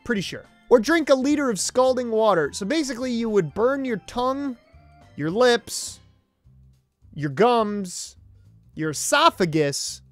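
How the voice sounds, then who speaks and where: A man's voice: very high-pitched, sing-song, measured pace, faint music behind. A young man hosting his own video show, rambling casually with swearing and self-mockery into a close desk mic. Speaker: YouTube host. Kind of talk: casual solo commentary.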